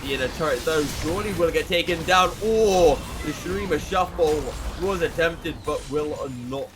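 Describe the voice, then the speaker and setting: A young British man casting esports play-by-play, excitable and rising sharply during fights. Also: fairly high pitch, normal speed. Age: young adult. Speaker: esports caster. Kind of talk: play-by-play commentary. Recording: music playing behind.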